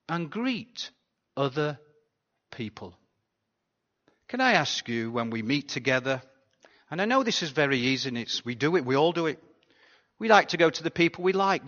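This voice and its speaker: A pastor giving a sermon in a chatty, conversational way, often asking the congregation rhetorical questions. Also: male voice, high voice, a bit bright. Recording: dull sound with long hall reverb.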